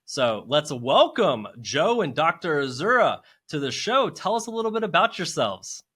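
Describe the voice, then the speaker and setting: A man's voice: on the high side, very animated, moderate pace, a bit bright, breathy edge. A man hosting a podcast, upbeat and effusive as he introduces guests and asks questions. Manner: enthusiastic and effusive. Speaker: podcast host.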